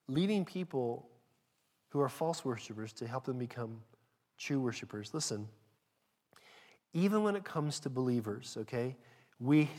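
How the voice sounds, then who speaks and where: Preaching a sermon in a mid-range voice, a man addresses his congregation directly and emphatically. He swings between loud emphasis and hushed asides.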